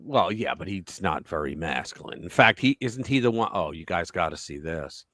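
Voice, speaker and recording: A man's voice: sits low, normal speed, no echo. A man hosting a live political commentary stream, talking casually with sarcastic, mocking asides. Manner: animated and sarcastic, mocking voices. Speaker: host.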